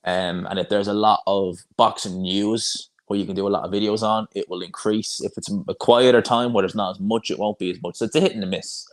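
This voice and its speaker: A man's voice: lowish voice, fairly even intonation, a little fast, hardly any pauses. A young man hosting a live boxing watch-along, chatting casually and rambling through viewer comments with frequent restarts.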